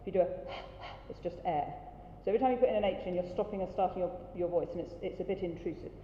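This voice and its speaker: A woman coaching a choir through a rehearsal, brisk and encouraging, demonstrating sounds as she goes. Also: on the low side, slight background noise. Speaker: choir director. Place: large rehearsal hall. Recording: dull roomy hall recording, faint ambience.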